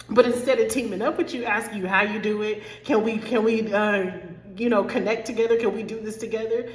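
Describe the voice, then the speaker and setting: A woman's voice: fairly high pitch, fairly even intonation, fairly quick, few pauses. A woman life coach talking candidly to her followers, choked up and close to tears, repeating herself and calling her viewers y'all. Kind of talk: direct-to-camera talk to followers. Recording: echoey room with long reverb.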